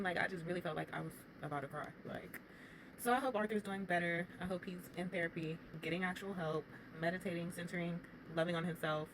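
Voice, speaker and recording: Woman, fast and animated recap commentator, lowish voice, with audible background noise. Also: low-quality recording. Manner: animated, opinionated, talks straight to the viewers. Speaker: reality TV commentator.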